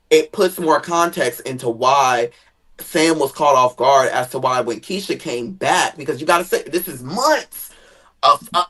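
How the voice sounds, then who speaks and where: A guest chatting casually about family drama, animated, jumping into high dramatic tones and swearing freely. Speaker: guest sharing family stories. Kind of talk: casual gossip chat.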